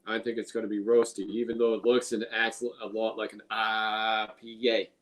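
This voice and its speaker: A man from Illinois hosts a casual beer tasting, speaking in a low, monotone voice at a moderate pace over poor audio. He's enthusiastic and profane, often repeating his own phrases.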